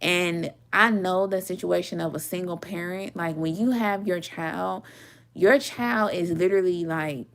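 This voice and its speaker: A woman's voice: fairly low pitch, a little slow, vocal fry. A woman in her mid twenties, a tarot reader, telling a story in casual chat, swearing freely and acting out what people said. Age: 20s. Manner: animated, swearing, laughing often, acts out quotes.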